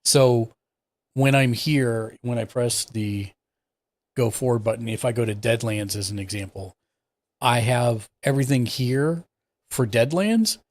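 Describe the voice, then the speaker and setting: A young man talks a guest through software settings in a relaxed, easygoing way. His voice sits at an ordinary middle pitch. He thinks aloud and backtracks as he hunts for a button. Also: unhurried, no room sound. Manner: relaxed, explains step by step while clicking around. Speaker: streaming tech support host. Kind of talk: casual live-stream tech walkthrough.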